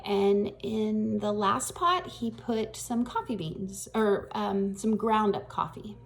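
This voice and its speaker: Woman, graduation speaker, slow reflective storyteller with a gravelly edge, lots of ums. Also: medium pitch. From Northwest Arkansas. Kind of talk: storytelling speech.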